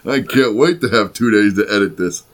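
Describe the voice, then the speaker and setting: A man's voice: on the low side, a little fast. A man co-hosting a podcast, joking crudely and laughing often in loose casual chat. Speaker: podcast co-host.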